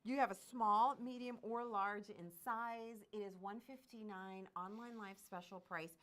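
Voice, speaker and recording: A woman hosting a live jewelry shopping show, enthusiastically pitching pieces and prices. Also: fairly even intonation, measured pace, fairly bright tone. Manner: bubbly, enthusiastic, gushes over pieces and prices.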